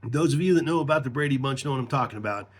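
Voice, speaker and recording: A man's voice: mid-range voice, rapid-fire. A middle-aged man telling a rambling, profane personal story in casual talk, laughing as he goes.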